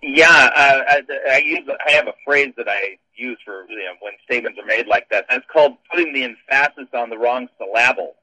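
A man's voice: mid-range voice, fairly quick, few pauses, bright, forceful tone, no room sound, poor audio. A man, a pastor, explaining scripture in a casual discussion with wry, dry humor.

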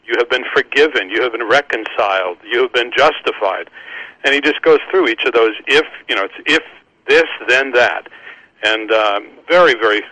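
In a rough, echo-free recording, a medium-pitched man hosts an easygoing talk about Christian books. He publishes Christian books and runs a podcast, and he speaks haltingly, restarting and repeating himself, with warm laughter.

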